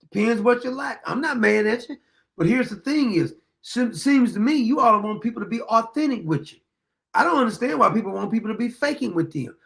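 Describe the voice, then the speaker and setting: Blunt, high-voiced man with a gravelly edge. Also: a bit bright. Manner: blunt, emphatic, plain-spoken. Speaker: podcast host. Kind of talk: casual monologue.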